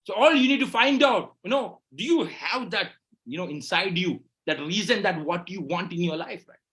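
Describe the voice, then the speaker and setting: High-pitched Malayali-accented motivational speaker. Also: male voice, normal speed. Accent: Indian English, Malayali. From Kerala, India. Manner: animated, rhetorical questions, tag "right?" after each point. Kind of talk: motivational speech.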